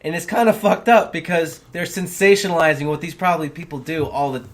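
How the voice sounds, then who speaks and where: A man co-hosting a casual podcast chat about a film, crude and animated as he tells what happened on screen. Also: a little high, fairly quick. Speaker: podcast co-host.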